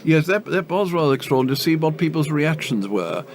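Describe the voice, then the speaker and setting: A man's voice: a little high, very animated, quick pace, a little hiss or hum. An older man, a cricket commentator, telling anecdotes in an interview with many hesitant ums and a ready chuckle. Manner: chuckling raconteur, full of hesitant ums and uhs.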